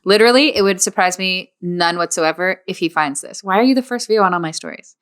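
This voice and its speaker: A woman's voice: on the low side, brisk, a bit bright. A young woman co-hosting a podcast, chatting casually and teasing her friend. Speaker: podcast co-host. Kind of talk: casual chat.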